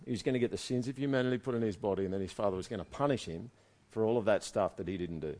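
A man preaching a sermon, reading scripture aloud and breaking off into lively, conversational comments for his congregation. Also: on the low side, rapid-fire. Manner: animated, conversational, swings from loud asides to quiet reading. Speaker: pastor.

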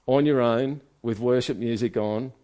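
A man's voice: mid-range voice, steady tone, unhurried, mellow. A man preaching a sermon in a conversational way, asking his listeners one rhetorical question after another. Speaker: pastor.

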